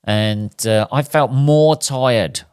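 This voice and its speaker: A man's voice: medium pitch, very slow, a little mellow, clean tone, no echo, clean studio sound. A man hosting a solo podcast, talking in a sweary, rambling comic rant. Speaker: podcast host. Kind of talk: casual solo podcast monologue.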